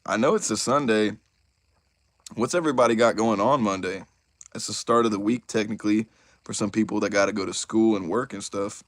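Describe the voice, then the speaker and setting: A young man hosting a casual live stream, excitable and chatty, talking straight to his chat. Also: on the low side, fairly quick, no room sound. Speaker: YouTuber host of a live stream.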